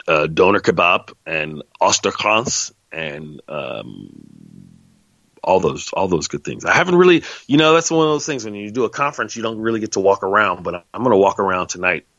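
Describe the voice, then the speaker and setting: A man's voice: deep voice, a bit bright, dry recording, dull audio. A tired man hosting a podcast, rambling and joking loosely as he signs off, swearing now and then. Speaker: podcast host. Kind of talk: rambling casual sign-off.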